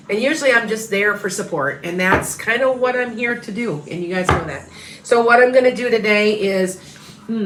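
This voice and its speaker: A woman's voice: mid-range voice, reverberant, slight background noise, rough recording. A tired woman reading tarot, chatting casually and rambling on a livestream as she greets viewers by name. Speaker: tarot reader.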